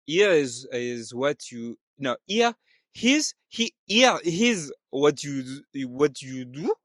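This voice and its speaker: A man voicing a middle-aged French father with a put-on French accent, speaking halting broken English full of fillers. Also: on the high side, big pitch swings, a bit bright, no echo, studio quality, exaggerated voice. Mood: earnest.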